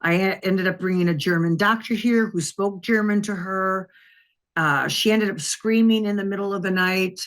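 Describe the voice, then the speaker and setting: An older woman from Wisconsin, a retired detective, tells a long personal story during an interview in a medium-pitched voice at a moderate pace. Her telling is lively and anecdotal, and she acts out the voices of the people involved.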